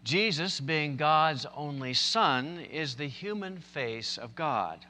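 Slow, animated male preacher. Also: a little high, long reverb tail. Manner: emphatic, storytelling, builds to impassioned peaks. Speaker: pastor. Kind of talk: sermon.

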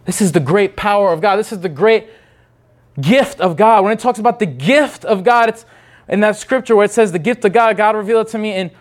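A man preaches with fervor in a notably high voice. He restarts his phrases again and again and moves between loud, emphatic bursts and quiet, hushed asides. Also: brisk. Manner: fervent, with many restarts and swings from loud to hushed. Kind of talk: impassioned sermon.

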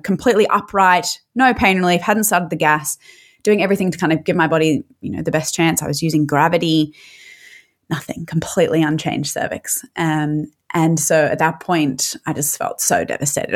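A woman with a low-pitched voice tells her own story as a podcast guest. She talks candidly and emotionally, often stopping to restart her sentences. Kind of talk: personal storytelling.

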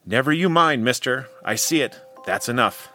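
A man's voice: mid-range voice, animated, moderate pace, bright, forceful tone, faint music behind. A man voicing a stubborn old village man who speaks in a rustic, insistent way. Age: older.

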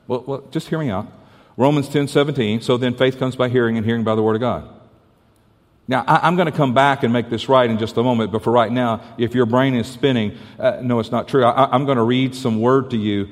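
A man's voice: medium pitch, brisk. Pastor guy preaching, tells a story, stumbles on words, cracks little jokes, big echoey hall. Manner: storytelling, stammering restarts, playful asides. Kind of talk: sermon. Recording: hall reverb.

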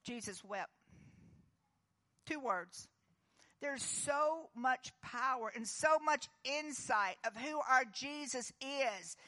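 A woman pastor giving an earnest, comforting sermon, dropping to a hush and then rising with emphasis. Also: sits high, lively intonation, slow pace. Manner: earnest, comforting, moves between hushed and emphatic.

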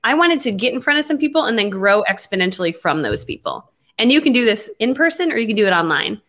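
Woman, fairly high voice, lively, casual storytelling, acts out her own quotes. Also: fast. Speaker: network marketing entrepreneur. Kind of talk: animated storytelling in conversation.

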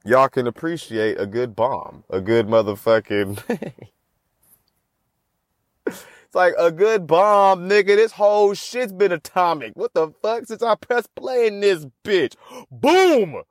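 Young man, podcast host, solo monologue, profane, rambling, self-mocking, slightly high voice, dry close mic. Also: lively intonation, takes it slowly, no echo.

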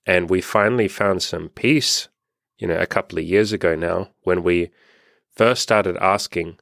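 A man's voice: low voice, unhurried, creaky, a bit bright, dry recording, studio quality. A young adult man, a life coach, talking frankly and candidly in a casual monologue, often swearing.

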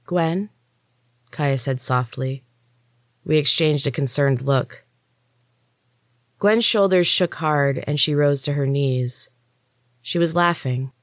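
A woman storyteller and author giving a steady, expressive first-person audiobook reading into a close mic. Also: sits low, no room sound. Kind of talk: scripted audiobook narration.

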